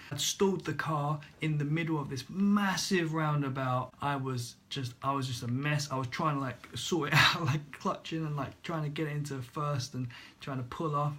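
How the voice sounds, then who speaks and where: A young man tells a story to his vlog camera in a chatty, animated way. His voice sits a touch high and sounds bright and lively. He laughs at himself and slips into other people's voices as he goes. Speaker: vlogger. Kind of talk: casual storytelling.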